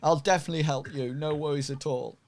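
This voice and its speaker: A man's voice: fairly high pitch, steady tone, fast talker, vocal fry, a little hiss or hum. A man voicing a captured male biker who gushes gratitude and eagerly promises to help. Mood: fawning. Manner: gushing, overly grateful.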